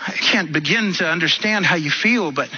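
A man voicing a gentle husband who hesitantly coaxes his wife, on a dull lo-fi recording. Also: fairly high pitch, normal speed, breathy edge, exaggerated voice. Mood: coaxing. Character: gentle, supportive husband and father.

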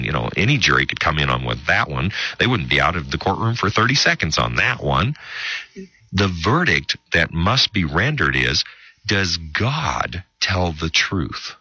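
A man hosting a radio Bible teaching show, speaking emphatically with long dramatic pauses and quick asides. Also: very deep voice, bright, forceful tone, husky, no echo.

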